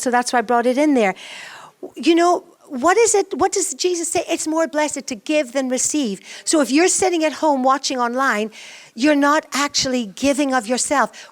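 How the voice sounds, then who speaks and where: Woman preaching with rhetorical questions. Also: high voice. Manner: animated, full of rhetorical questions. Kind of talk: conversational sermon. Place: church.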